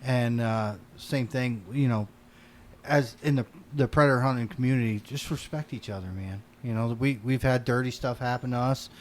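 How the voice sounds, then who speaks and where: A man from New York hosting a podcast, telling stories in an animated way and swearing casually. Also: medium pitch, normal speed. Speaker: podcast host.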